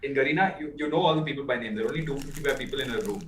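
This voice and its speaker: A man tells stories at a rapid clip, animated and loose with fillers. He sounds set back from the mic in a roomy space. A faint hiss sits underneath his voice. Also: mid-range voice, far from the mic. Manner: animated storyteller, fast with many fillers. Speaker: podcast guest. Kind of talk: casual chat.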